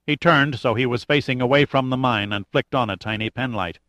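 A man narrating an adventure audiobook in a steady, measured way with light drama. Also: mid-range voice, dry recording. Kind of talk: scripted narration.

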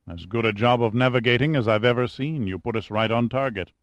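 A calm, decisive colonel giving orders, as a man reads him, measured and authoritative. The voice sits at a middle pitch and is recorded close and dry, with no room sound. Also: no echo, close to an everyday voice.

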